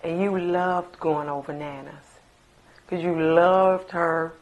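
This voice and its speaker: A middle-aged woman, a mother remembering her late son, telling stories in an interview with slow, emphatic reminiscing and fond asides. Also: on the low side, fairly even intonation, lo-fi sound. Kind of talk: recorded interview, personal storytelling.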